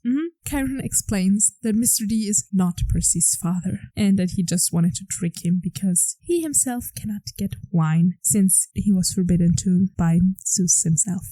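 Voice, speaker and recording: Woman podcaster gushing thru a show recap, super mellow dark voice, dry close sound. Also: mid-range voice, normal speed, hardly any pauses, dry recording, poor audio. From grew up on a farm. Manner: chatty, enthusiastic, many "like" fillers. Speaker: podcast host. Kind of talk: casual episode recap.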